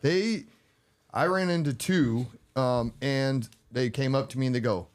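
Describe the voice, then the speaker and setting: A man with an average pitch co-hosts a talk show in a casual, conversational way. He tells stories with energy, acting out both sides of each exchange he quotes. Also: unhurried. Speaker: co-host.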